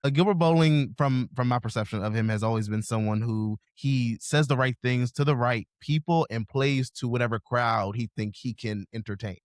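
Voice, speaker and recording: A man hosting a podcast, talking politics in an easy, conversational way. His pitch sits in a middle range, and the recording is dry and close. He weighs both sides before he makes his point. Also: moderate pace, few pauses, no room sound. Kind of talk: casual political discussion.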